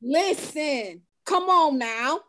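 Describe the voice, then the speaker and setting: A woman co-hosting a casual faith talk, reading scripture slowly and emphatically and cheering her co-host on with quick interjections. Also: sits high, expressive, fairly bright tone, a little hiss or hum. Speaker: podcast co-host.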